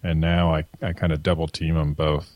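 A man's voice: rumbling low, flat delivery, normal speed, darkish tone, no echo. A man, a father in his thirties, co-hosting a casual podcast in a blunt, teasing, matter-of-fact way. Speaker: podcast co-host. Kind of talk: casual chat.

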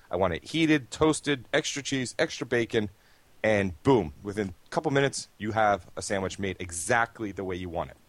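A man's voice: on the low side, no echo. A man co-hosting a podcast, explaining things with casual enthusiasm. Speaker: podcast co-host. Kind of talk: casual chat.

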